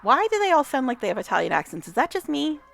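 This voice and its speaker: A woman's voice: high-pitched, sing-song, fast, gravelly, a bit bright. A woman giving casual gameplay commentary, chatty, talking to the game characters, swearing and laughing often. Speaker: gamer vlogger.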